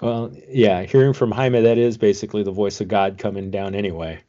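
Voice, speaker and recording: A man with a fairly low voice hosts a casual interview, reacting warmly and mixing in Spanish. The recording sounds a little dull. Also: fairly even intonation, fairly quick. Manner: warm reactions, mixes in Spanish words. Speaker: podcast host.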